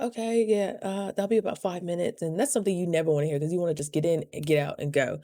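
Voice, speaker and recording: A woman in her thirties telling a story in a chatty, animated way, acting out her own quotes in a higher voice. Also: quick pace, dry recording, clean studio sound. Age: 30s. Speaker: vlogger. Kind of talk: casual storytelling. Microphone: studio mic.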